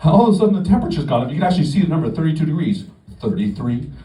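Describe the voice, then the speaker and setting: Animated middle-aged man, live club stand-up. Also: a little high, racing, a little hiss or hum. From Canada. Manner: animated storytelling, swearing, acting out bravado. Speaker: stand-up comedian. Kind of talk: stand-up comedy set. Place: comedy club stage. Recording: roomy live club audio from the stage mic at a distance. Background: audience laughter.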